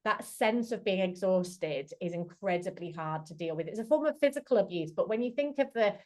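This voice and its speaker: A woman's voice: medium pitch, lively intonation, fairly quick, darkish tone. A woman, a charity chief executive, giving an earnest talk over a video call, acting out quoted dialogue as she goes. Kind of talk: talk on domestic abuse. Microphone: computer mic on a video call.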